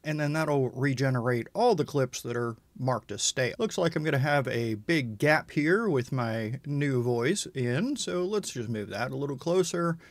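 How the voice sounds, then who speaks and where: Casual man walking through software. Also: mid-range voice, lively intonation, moderate pace, hardly any pauses, dry recording. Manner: casual, conversational explaining. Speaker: tutorial host. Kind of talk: software tutorial walkthrough.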